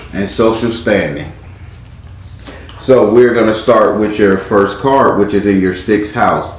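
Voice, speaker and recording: A man hosting a casual live tarot reading, talking informally and calling on spirit as he reads the cards. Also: on the low side. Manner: chatty and informal, calls on spirit. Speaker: tarot reader and host. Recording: very echoey room with faint noise.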